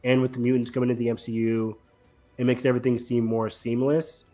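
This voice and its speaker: A man's voice: mid-range voice, level tone, quick pace, dark tone, soft background music. A man hosting a casual podcast chat, talking eagerly with many fillers. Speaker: podcast host.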